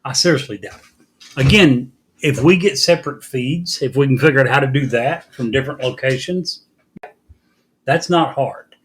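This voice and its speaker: A man from Kentucky co-hosts a casual podcast. He speaks low and soft, and drops dry one-liners. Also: moderate pace. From Kentucky, USA. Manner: soft-spoken, dry joking. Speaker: podcast co-host. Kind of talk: casual chat.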